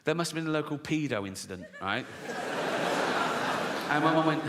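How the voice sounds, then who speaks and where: A man's voice: a little high, lively intonation, fairly quick, pauses often. A middle-aged man doing a stand-up comedy set, telling stories and acting out quoted voices, laughing at his own jokes. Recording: live hall reverb, faint background noise.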